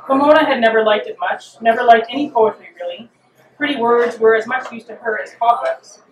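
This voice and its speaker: A woman author reading her own fiction aloud at a live event, measured and expressive. Her voice sits fairly high and reaches the mic from a distance. A roomy, echoing venue adds a faint hum behind her. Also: dull audio. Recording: roomy hall, mic from afar.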